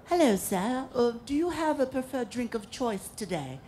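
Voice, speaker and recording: A man's voice: extremely high pitch, animated, moderate pace, dark tone, slight background noise. A man voicing a polite, formal female flight attendant in a stand-up bit.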